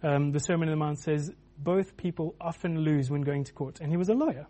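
A man's voice: on the high side, brisk, mellow. A man preaching a sermon in a loose, conversational way, with many restarts and filler words.

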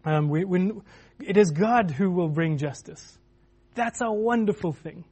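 A man's voice: high voice, unhurried, darkish tone, slightly rough. A man preaching a sermon in a loose, conversational way, with many restarts and filler words.

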